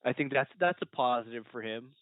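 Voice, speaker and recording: A man's voice: mid-range voice, fairly quick, dry recording. A man in casual chat as a guest debater, often laughing and restarting his sentences. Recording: tinny phone-like line.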